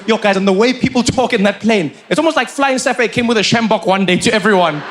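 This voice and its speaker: A male stand-up comedian with a fairly high voice tells a story to a crowd in an animated, playful way. He slips into quick impressions, and faint noise sits under the voice.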